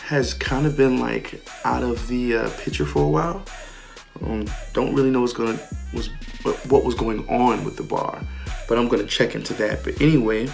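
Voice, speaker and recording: A man's voice: medium pitch, steady tone, moderate pace, gravelly, faint music behind. A man hosting a podcast, casually recapping a wrestling show, full of ums and retold quotes. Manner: chatty, many ums, retells lines in quoted voices. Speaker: podcast host.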